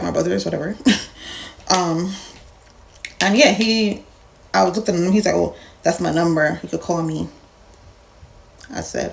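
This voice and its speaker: A young woman from Jamaica tells a story to her vlog camera, blunt and animated, acting out both sides of the talk. Her voice sits low and has a gravelly, fry-heavy texture. A faint hiss of background noise runs under her. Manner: blunt, animated retelling with quoted dialogue. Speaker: vlogger. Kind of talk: casual storytime rant.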